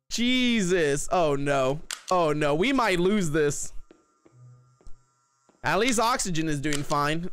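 A man's voice: a little high, takes it slowly, pauses often, clear, resonant tone. A man streaming a horror game, talking to his chat and shrieking whenever something scares him. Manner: excitable, shrieks when scared. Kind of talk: live gameplay commentary.

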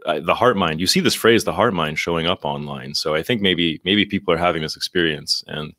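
A man's voice: low-pitched, brisk, fairly bright tone, no room sound, clean studio sound. A man, a guest on a live talk show, talking reflectively in casual conversation with many restarts.

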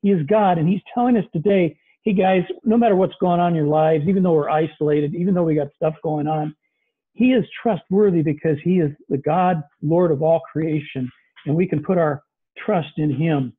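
A man's voice: a little high, moderate pace, breathy edge. A man preaching a sermon over a video call, talking in an earnest, conversational way with many fillers. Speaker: pastor. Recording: tinny lo-fi video call audio.

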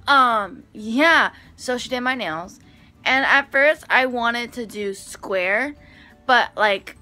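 A woman's voice: mid-range voice, pushed and bright. A woman vlogger casually recapping her day to camera in a rambling, filler-heavy way.

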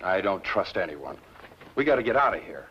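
Surly outlaw, lively rude delivery, muffled vintage TV audio. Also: male voice, sits low, fairly quick, a little hiss or hum. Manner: rude, blustering. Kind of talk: 1950s TV western acting. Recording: muffled old TV soundtrack.

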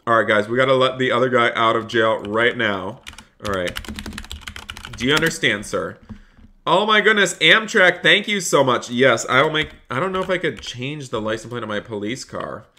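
There's a little hiss or hum as a man streams a police role-play game at normal speed, his bright, forceful voice medium-pitched and animated. Upbeat and talkative, he names and thanks viewers, then plays a polite officer when talking with players.

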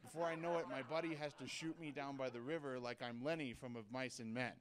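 A man performing a stand-up bit in a rambling, deadpan way. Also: medium pitch, quick pace, noisy background. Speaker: stand-up comedian. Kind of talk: stand-up set.

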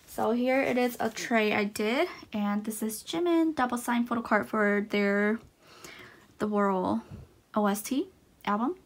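A young woman with a slightly high voice talks her way through an unboxing in a loose, chatty vlog manner. She gushes and gasps with excitement, her speech sprinkled with fillers and little restarts. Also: unhurried. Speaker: unboxing vlogger. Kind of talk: casual unboxing chat.

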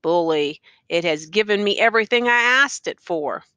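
A woman voicing a tall, calm and firm plainclothes policeman who speaks matter-of-factly. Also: on the low side, moderate pace, clean tone, no echo. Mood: friendly.

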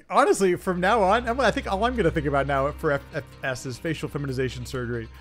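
A man's voice: on the high side, fast talker, soft background music. A man live-streaming a retro game, chatting with viewers and laughing at his own mistakes. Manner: animated, laughing, self-deprecating, talks to chat. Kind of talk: live gameplay streaming chat.

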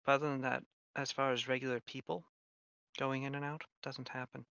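Gravelly bright-voiced male game master. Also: mid-range voice, flat delivery, brisk, no echo, lo-fi sound. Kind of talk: narrating a tabletop game.

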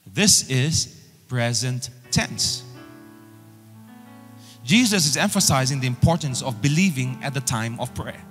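A male pastor delivering a sermon, emphatic and repetitive, pushing phrases up in pitch as he builds. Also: lively intonation, unhurried, pauses often, a bit bright, in a large hall, soft background music. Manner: emphatic preaching with repeated rising phrases.

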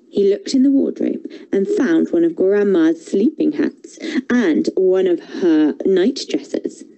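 A woman telling a fairy tale for children in a theatre workshop, expressive and playful. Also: lowish voice, poor audio. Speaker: storyteller, theatre workshop leader. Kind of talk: animated storytelling for children.

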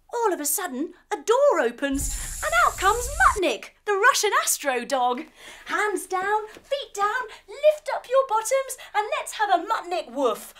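A woman's voice: sits high, a bit bright. A woman teaching yoga to children through a playful story, full of sound effects and guiding instructions.

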